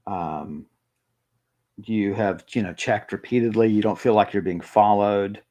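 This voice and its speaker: A man narrating as game master of a tabletop role-playing game, halting with many ums and pauses. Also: on the low side, mellow.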